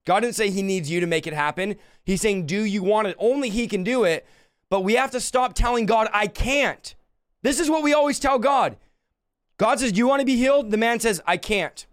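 A man's voice: high-pitched, fairly quick, no room sound, studio quality. A man preaching a fervent sermon, repeating phrases and acting out quoted dialogue.

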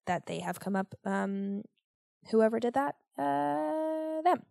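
Slow-talking young woman, rambling casually. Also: mid-range voice, creaky, a little mellow, no room sound, studio quality. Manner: rambling and self-deprecating, swears casually. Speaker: podcast host. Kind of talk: casual solo podcast monologue.

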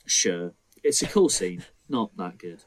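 Animated man ranting about a film. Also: deep voice, slow, crowd noise. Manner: animated, acts out scenes in mocking voices. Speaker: podcast co-host. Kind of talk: casual film debate.

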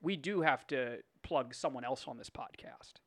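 A man's voice: mid-range voice, moderate pace, fairly bright tone. A man co-hosting a podcast in casual chat, teasing and swearing, with many fillers. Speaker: podcast co-host.

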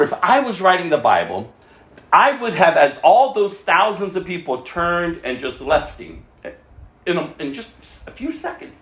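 A male pastor with a high voice delivers an impassioned sermon. He swings from loud, emphatic lines down to quiet, hushed asides. The sound carries a roomy echo.

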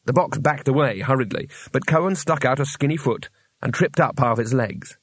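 Husky male audiobook narrator. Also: medium pitch, moderate pace, no echo. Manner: even, storytelling. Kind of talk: scripted narration.

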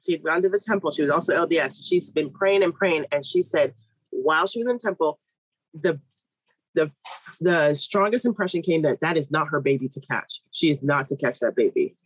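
Husky-voiced woman telling a story. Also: low-pitched, fairly quick, dry recording, rough recording. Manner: lively, animated storytelling with quoted voices. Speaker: midwife. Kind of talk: storytelling interview.

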